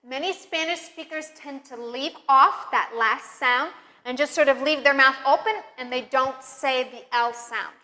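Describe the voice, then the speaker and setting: Lady teacher doing slow pronunciation drills, kinda echoey. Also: sits high, bright, forceful tone. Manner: slow, careful, encouraging drill delivery. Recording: long reverb, room echo.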